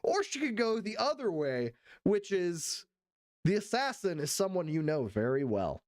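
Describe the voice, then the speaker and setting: A young man streaming, reacting to clips in profane, excited commentary full of laughs. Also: sits high, moderate pace, no room sound.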